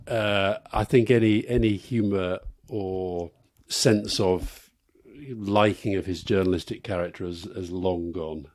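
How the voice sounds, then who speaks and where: A man's voice: mid-range voice, a little mellow, no echo. A middle-aged man co-hosting a live podcast, telling wry anecdotes and laughing as he goes. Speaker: podcast co-host. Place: live stage event.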